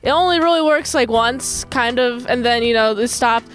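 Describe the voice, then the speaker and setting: A woman with a high voice chats through an episode recap, loose and animated. She keeps jumping into goofy imitations of the characters. Faint music sits quietly under her voice. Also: moderate pace. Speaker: episode reviewer. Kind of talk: casual recap with acted-out quotes.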